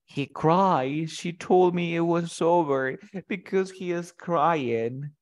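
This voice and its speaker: A man's voice: a little high, slow. A man teaching English vocabulary in conversation, explaining each word with short acted example lines and often checking that his student follows.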